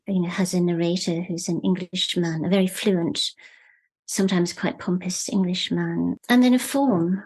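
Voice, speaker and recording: A woman with a slightly low voice talks about her writing in a measured, reflective way. She pauses and restarts as she searches for the exact phrase. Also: a little mellow. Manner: thoughtful, measured, searching for words. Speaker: novelist guest. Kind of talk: reflective interview conversation.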